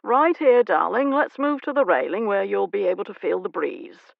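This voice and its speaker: A woman's voice: medium pitch, lively intonation, moderate pace, creaky, dry recording, phone-quality sound. A woman narrator voicing a nervous, fussing older man acting as a doting father. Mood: fatherly.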